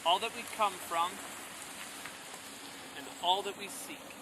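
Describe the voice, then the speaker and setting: A man voicing a wise old female turtle who speaks slowly and solemnly in a storybook tale, outdoors with faint rural sound. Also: high-pitched, background noise, pitched above the performer's own voice.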